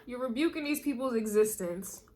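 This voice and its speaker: A woman's voice: on the high side, animated, moderate pace, dark tone, a little hiss or hum. A woman doing a casual spiritual tarot reading, emphatic and repetitive, chuckling now and then and calling the listener baby. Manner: emphatic, repeats phrases, chuckles often, calls listener baby. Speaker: tarot and astrology reader.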